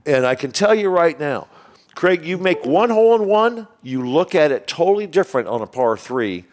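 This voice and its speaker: A man from Illinois, a golf course owner telling stories as a podcast guest in animated casual talk. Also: a little high, moderate pace. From Springfield, Illinois, USA. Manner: animated, acts out other people's lines in quoted speech. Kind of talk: casual storytelling.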